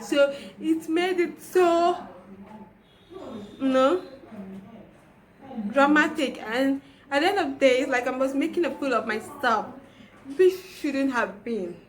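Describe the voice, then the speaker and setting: Young woman, childlike high voice, slow earnest motivational talk. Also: a bit bright. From Nigeria. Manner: earnest, repeats herself, fillers. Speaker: motivational speaker.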